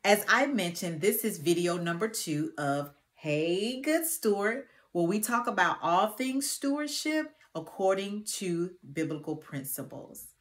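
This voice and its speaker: Expressive and measured, with few pauses, her mid-range voice guides viewers of her Christian finance channel. She's folksy and preacherly, addressing them warmly and familiarly, reading scripture aloud and praying earnestly in a casual teaching and prayer session.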